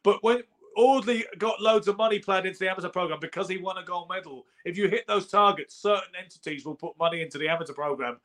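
A man's voice: high voice, fast talker, hardly any pauses, fairly bright tone. A British man co-hosting a podcast, arguing his point in a casual, emphatic debate. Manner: argumentative, emphatic. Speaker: podcast co-host.

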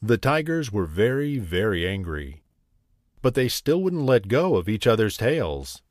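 A man reads a children's story aloud in an unhurried, sing-song way. His pitch rises and falls freely, and the dry, close sound has no room to it. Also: very animated, no room sound.

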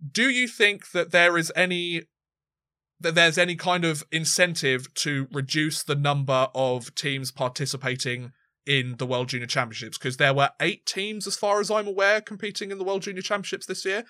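A man's voice: a little high, level tone, moderate pace, pushed and bright, no echo. A man co-hosting a sports podcast, chatting casually and rambling, with frequent restarts and fillers. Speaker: podcast co-host.

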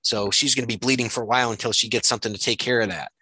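Man, bright voice, dry close sound, casual recap, lots of fillers. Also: medium pitch, rapid-fire, breathy edge, dry recording, low-quality recording. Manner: steady recap with frequent fillers. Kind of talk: casual chat, recapping a comic.

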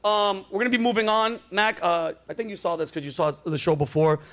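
A man's voice: high voice, steady tone, brisk, fairly bright tone. A man hosting a comedy show, bantering and laughing often while running improv games. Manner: laughs a lot, breaks into giggles. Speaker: host.

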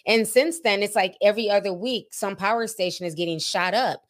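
A woman's voice: medium pitch, a little fast. A woman from Minnesota chatting casually and explaining things at length in an informative way. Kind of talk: casual chat.

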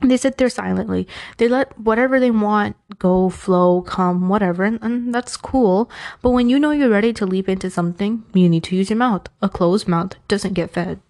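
A woman's voice: mid-range voice, normal speed, darkish tone. A woman from New York with a New York accent, giving casual, frank Islamic advice and wandering into self-aware, joking asides. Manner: chatty, frank, digresses with self-aware humor. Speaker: advice speaker.

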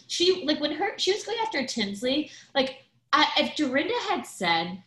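A chatty woman trading reality-show gossip on a podcast, her talk full of "like" and quick asides. Her voice sits at an ordinary middle pitch. The recording has a noticeable echo, as if she is in a bare room. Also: animated, fairly bright tone. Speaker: podcast guest. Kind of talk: casual chat.

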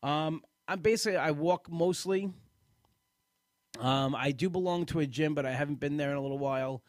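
A man's voice: fairly high pitch, moderate pace, no room sound, clean studio sound. Tired, rambling man hosting a podcast. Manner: chatty, self-deprecating, rambling with restarts. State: tired, yawning. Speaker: podcast host. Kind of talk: casual live podcast chat.

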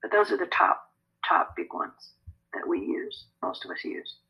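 A woman who works as an energy healer, answering podcast interview questions in a chatty, animated way. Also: medium pitch, unhurried, creaky, slightly rough, lo-fi sound. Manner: animated, conversational, laughs often.

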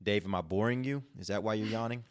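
Man, sports show host, low voice, casual, teasing. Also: fast talker. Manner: easygoing, teasing co-hosts. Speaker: podcast host.

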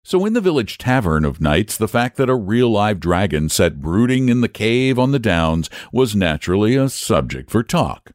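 Male storyteller, low voice with lively lilt, measured reading, dry close sound. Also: no room sound. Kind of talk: storybook narration.

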